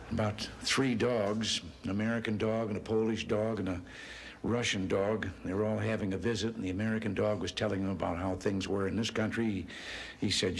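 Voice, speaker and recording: Chuckling low-voiced male storyteller. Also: a little fast, a little hiss or hum. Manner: chuckling storyteller, relaxed folksy delivery. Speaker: politician telling jokes. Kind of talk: anecdotal speech.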